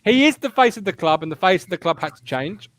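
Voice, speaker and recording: A man hosting a casual fan podcast, animated and teasing his co-hosts as he leads the chat. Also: sits high, fast. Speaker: podcast host.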